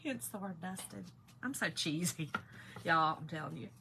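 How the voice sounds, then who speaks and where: A woman hosting a casual craft livestream, chatting excitedly and greeting viewers by name. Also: fairly low pitch, measured pace, gravelly, a little hiss or hum. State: one ear still muffled. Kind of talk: casual live-stream chat.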